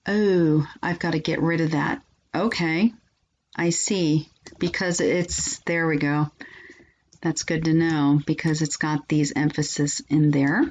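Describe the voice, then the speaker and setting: Chatty low-voiced woman reviewer. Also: fairly even intonation, slow pace, a little mellow. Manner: chatty, many ums and restarts. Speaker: software reviewer and channel host. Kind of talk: casual screen-recording walkthrough.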